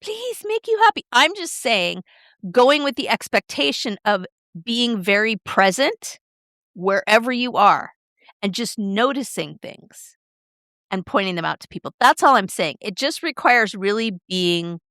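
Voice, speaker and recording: A middle-aged woman co-hosting a podcast, chatting casually and expressively with quick shifts in tone. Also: mid-range voice, lively intonation, fairly bright tone, no echo, studio quality. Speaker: podcast co-host. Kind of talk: casual chat.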